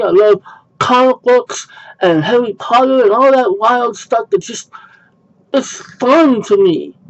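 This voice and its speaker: A man talks through a movie review in a loose, rambling way, stopping to correct himself and sounding a little exasperated. His voice sits a touch high for a man. The recording is dull and lo-fi, as if picked up by the wrong microphone. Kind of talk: casual video review. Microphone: wrong built-in mic instead of the intended USB mic.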